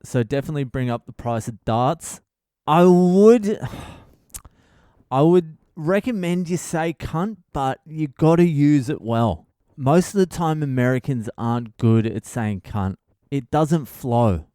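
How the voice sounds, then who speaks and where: Crude Australian comic host, swears constantly, clear resonant voice, dry close sound. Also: male voice, on the high side, expressive, takes it slowly, mellow, no echo. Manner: laughs at his own jokes. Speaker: podcast host, comedian. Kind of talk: casual comedic monologue.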